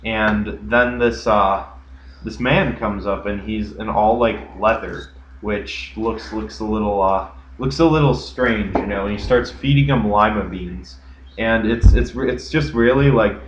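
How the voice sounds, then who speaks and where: A man's voice: fairly low pitch, a little slow, slight background noise. A young man co-hosting a casual podcast, telling stories with lots of fillers and restarts. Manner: rambling storyteller, many fillers. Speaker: podcast co-host. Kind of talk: casual chat. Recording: echoey room, dull lo-fi sound.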